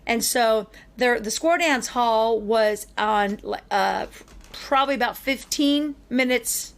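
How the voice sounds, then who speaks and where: A woman hosting a podcast, telling a long personal story in an animated, chatty way with frequent fillers. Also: fairly high pitch, takes it slowly. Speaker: podcast co-host. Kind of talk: casual storytelling chat.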